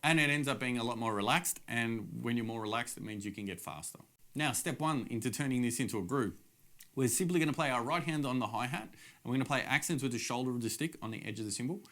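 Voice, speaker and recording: A man's voice: medium pitch, quick pace, fairly bright tone. A middle-aged man giving a casual, upbeat drum lesson straight to camera, explaining the steps plainly. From Australia. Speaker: drum teacher.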